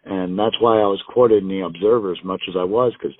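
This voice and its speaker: A man's voice: low voice, a little fast, dry recording. A man guesting on a wrestling show, telling rambling, profane road stories and acting out other people's lines. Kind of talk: casual storytelling interview. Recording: tinny phone-line call audio, dry.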